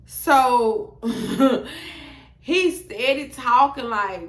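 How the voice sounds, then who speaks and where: A woman's voice: on the high side, expressive, slow, a bit bright, reverberant. A young woman, telling a blunt, profane story to camera and acting out both sides of the dialogue. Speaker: storytime vlogger.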